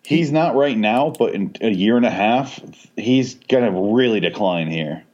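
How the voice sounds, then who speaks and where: A man's voice: on the low side, a little slow. A man co-hosting a podcast, chatting casually about a movie, cursing freely and laughing often. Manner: profane, laughing, animated storytelling. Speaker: podcast co-host. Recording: dull lo-fi audio.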